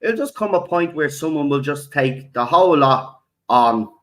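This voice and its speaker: Irish man, angry vlog rant, heavy swearing, keeps saying "right?", fairly high voice. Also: expressive, moderate pace, poor audio. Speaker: video channel host. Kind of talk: angry ranting monologue.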